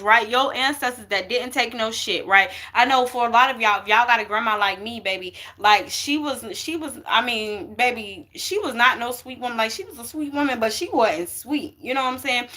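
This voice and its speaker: A young woman with a bright, tense edge to her voice leads a spiritual card reading as if chatting with friends. She sits a little high in pitch and stays emphatic, dropping in "okay" and "y'all" to keep her viewers with her.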